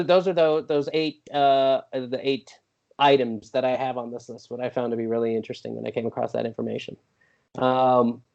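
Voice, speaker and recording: A man's voice: mid-range voice, mellow. Guy rambling on a talk show, lots of restarts, kinda muffled lo-fi sound. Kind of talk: casual talk radio chat. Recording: dull lo-fi audio.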